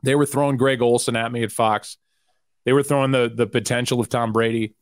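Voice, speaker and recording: A middle-aged man, a guest sportscaster, talking candidly in a casual podcast chat and telling stories with quick asides. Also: medium pitch, steady tone, clean tone, no room sound, clean studio sound.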